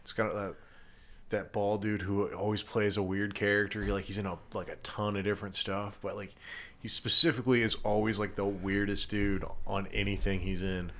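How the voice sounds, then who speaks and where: A man's voice: on the low side, little pitch movement, moderate pace, fairly bright tone. A young man in casual podcast chat, talking eagerly with many fillers and swear words. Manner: enthusiastic, filler-heavy, profane.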